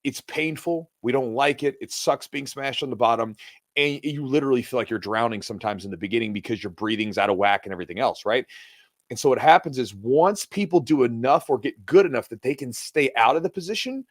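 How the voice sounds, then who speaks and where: A man co-hosting a casual podcast and telling a long, animated story, acting out the other people's voices as he goes. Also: medium pitch, brisk, no echo, studio quality. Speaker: podcast co-host. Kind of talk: casual chat.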